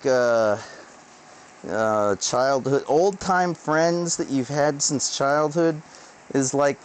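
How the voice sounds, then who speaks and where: A man's voice: a little high, slight background noise. A man rambling through a casual livestream monologue, self-mocking and profane. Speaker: streamer.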